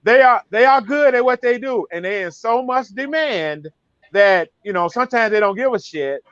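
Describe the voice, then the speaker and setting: A man's voice: extremely high pitch, expressive, moderate pace, a bit bright, clean tone, no echo. A man co-hosting a talk show who speaks to his listeners directly, in a preachy way. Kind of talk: casual talk show discussion. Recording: dry, dull sound.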